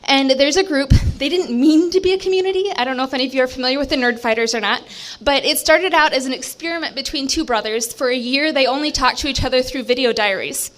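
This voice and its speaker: A woman giving a short timed talk on stage to an audience, speaking in a brisk, conversational and encouraging way. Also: high-pitched, a bit bright. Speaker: presenter at a community speaking event. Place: bistro event stage with an audience.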